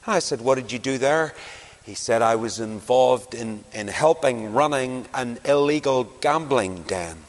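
A man's voice: mid-range voice, normal speed. A man from Northern Ireland with a Northern Irish accent, preaching a sermon and telling stories from his own encounters. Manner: storytelling with anecdotes, animated swings. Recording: long reverb in a hall.

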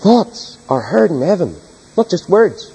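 A man preaching an evening sermon with a high, husky voice. He swings widely in pitch as he reads scripture with emphatic, dramatic delivery. His voice carries a long reverb, as in a large church hall. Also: big pitch swings, measured pace, mellow.

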